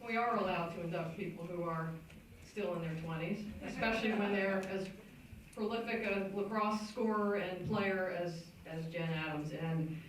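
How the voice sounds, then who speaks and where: A woman hosts a hall of fame ceremony with casual, joking introductions. Her voice carries a booming hall echo and is picked up from well back in the room. Steady background noise sits under her. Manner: casual and joking, loose asides. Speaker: awards ceremony emcee. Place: banquet hall. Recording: echoey hall recorded from far off.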